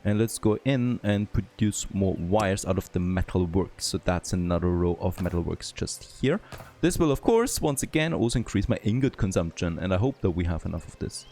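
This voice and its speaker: A gravelly, low-voiced man who isn't a native English speaker narrates gameplay in a let's play at a moderate pace. He thinks aloud, gets excited easily and says "there you go" a lot, over a little hiss or hum.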